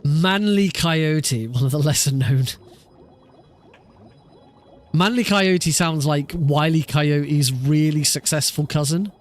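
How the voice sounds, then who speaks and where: A man's voice: fairly high pitch, slow pace, pauses often. A man chatting casually on a live stream while practicing a speedrun, laughing often and swearing offhandedly.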